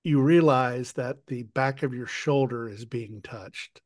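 Slow, measured male host. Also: medium pitch, a little mellow, no room sound, studio quality. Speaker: interview host. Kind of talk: casual interview.

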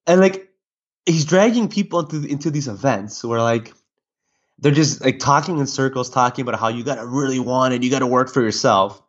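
Man, podcast guest, animated storyteller, dull lo-fi recording. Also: mid-range voice, moderate pace. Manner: animated storytelling with many restarts. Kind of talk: casual chat. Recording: dull lo-fi audio.

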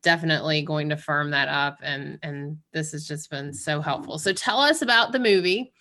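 Low-voiced, bright, gushing woman host. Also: normal speed. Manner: gushing, warmly effusive. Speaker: podcast host. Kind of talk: casual interview talk.

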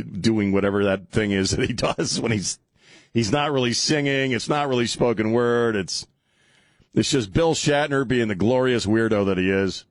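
A man's voice: lowish voice, no room sound. A man hosting a talk radio show, rambling and joking in a casual on-air chat, often chuckling as he talks. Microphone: studio broadcast mic.

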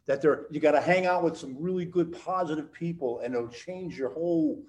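An older man in his sixties, chatting as a guest on a podcast. He rambles with eager enthusiasm and repeats key words again and again for emphasis. His voice sits a little high for a man. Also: brisk, darkish tone, rough recording. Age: 60s. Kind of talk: casual interview chat.

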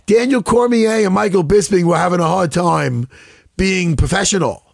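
A man's voice: high-pitched, normal speed, creaky, no echo, studio quality. A man, a professional fighter, chatting as a guest, swearing freely, laughing often and rambling. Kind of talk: casual profane chat.

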